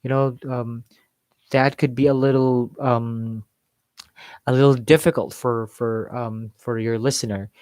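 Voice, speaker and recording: A man who learned as a teaches in an unhurried, measured way. He often circles back to repeat a point for emphasis. His voice sits at an ordinary pitch and sounds dry and close. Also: steady tone, a little mellow, no echo. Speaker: English accent coach. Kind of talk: unscripted teaching talk.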